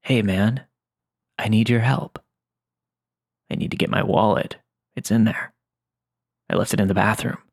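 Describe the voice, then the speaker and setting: A man voicing a frantic, grimy older drifter, with a raspy voice, in a horror story reading. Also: fairly low pitch, steady tone, unhurried, pauses often, full character voice. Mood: pleading.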